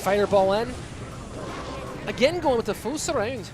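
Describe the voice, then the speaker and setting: A man doing a put-on Scottish accent while casting an esports match live, excitable and teasing. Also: high-pitched, normal speed, background noise, voice pushed up. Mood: playful. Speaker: esports caster.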